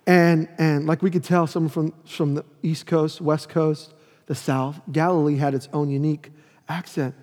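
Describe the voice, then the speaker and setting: A man preaching a sermon, explaining the text and acting out the quoted lines in a lively way. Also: on the high side, normal speed. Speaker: pastor. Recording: long reverb of a hall.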